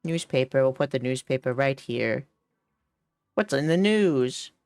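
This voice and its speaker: A woman's voice: very deep voice, lively intonation, measured pace, darkish tone, no echo. A woman streaming a game, chatty and giggly, reading the dialogue aloud as she plays, with hiccups. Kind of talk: casual game stream commentary.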